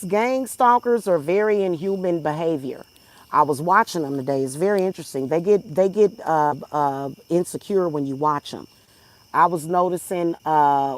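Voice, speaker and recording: A woman, hosting her spiritual channel. She rants to viewers bluntly and profanely, swinging from soft talk to loud outbursts. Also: low voice, dry recording. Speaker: spiritual reader, channel host. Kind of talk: heated monologue to viewers.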